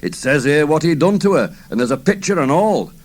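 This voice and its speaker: A man's voice: fairly high pitch, big pitch swings, a little fast, voice pushed up. A man voicing a crude, dim-witted young gang member with a blunt, coarse way of talking. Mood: jeering.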